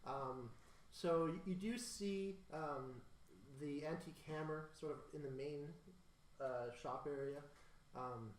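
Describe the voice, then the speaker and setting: A man running a tabletop game as game master, narrating in a halting way with many ums. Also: a little high. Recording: echoey room, mic at a distance.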